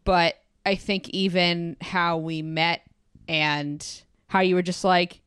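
Woman podcast host, deep smooth voice, dry close mic, earnest. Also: level tone, slow, no room sound. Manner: earnest, appreciative, gently probing. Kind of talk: interview questions and chat.

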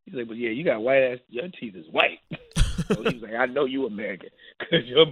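A man's voice: medium pitch, a little fast, breathy edge, narrow, tinny audio. A young man from New York with a New York accent, casually telling a travel story and acting out what others said. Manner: animated, acts out quoted voices.

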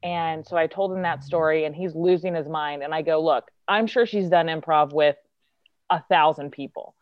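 A woman's voice: low voice, normal speed, no room sound, highs cut off. A woman actress, a guest telling a casual, chatty story and acting out the quotes. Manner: chatty, lots of filler likes, acts out quotes.

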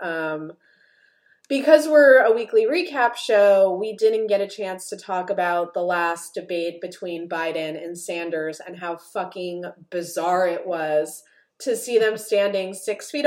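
Animated woman podcast host. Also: on the low side, measured pace. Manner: animated, profane mock outrage. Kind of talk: casual chat.

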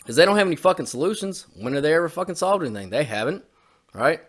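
A man's voice: fairly high pitch, lively intonation, quick pace, husky. A man co-hosting a podcast, ranting on politics in a heated, profane way. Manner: heated, profane, repetitive swearing. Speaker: podcast co-host. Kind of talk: opinionated political rant.

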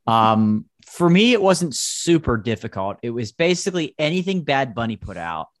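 Lively laughing podcast co-host. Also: medium pitch, normal speed, no echo, clean studio sound. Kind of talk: casual chat.

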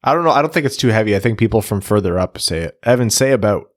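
Low-voiced man hosting a sports podcast. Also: expressive, fast. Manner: joking, reads listener messages aloud. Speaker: podcast host. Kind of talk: casual sports podcast chat.

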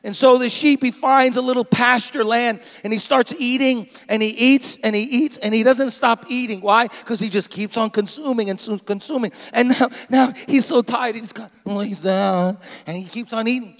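A man preaching a sermon as pastor, dramatic and animated, now and then acting out a bleating sheep. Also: extremely high pitch, normal speed, gravelly, few pauses, long reverb tail. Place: church sanctuary.

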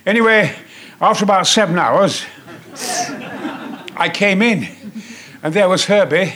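A man in his seventies telling a stage anecdote as a guest, booming and theatrical and swearing freely. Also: expressive, a little slow, background noise.

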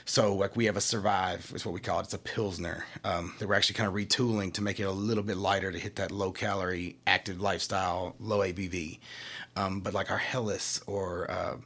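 A man from Kentucky talks about craft beer for his brewery in a relaxed, chatty way. His voice is husky and sits fairly low. He explains things with analogies and little acted-out quotes. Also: fairly quick. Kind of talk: casual chat.

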